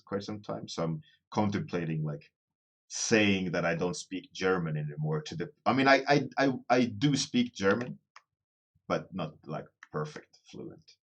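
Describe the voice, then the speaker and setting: An artist streaming a daily warmup chats casually with viewers in a low, husky voice with vocal fry. He rambles and makes fun of himself, often restarting phrases as he thinks aloud.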